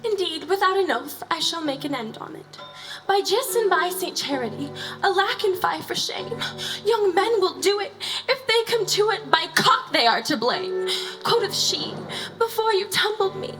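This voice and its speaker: A woman's voice: extremely high pitch, expressive, moderate pace, music in the background, rough recording. A woman acting a grief-mad young noblewoman on stage, half singing her lines in a drifting singsong. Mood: bawdy. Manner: singsong, drifting, laughing softly.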